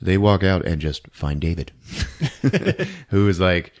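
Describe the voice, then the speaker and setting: Laughing, animated male podcast host. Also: deep voice, slow, long pauses. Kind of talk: casual movie plot recap.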